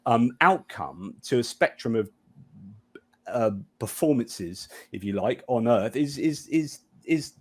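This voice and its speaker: A man's voice: mid-range voice, slow pace, husky. A man, a guest in a casual podcast talk, arguing his points with energy and often searching for words. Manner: lively, argumentative, searching for words. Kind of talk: casual discussion.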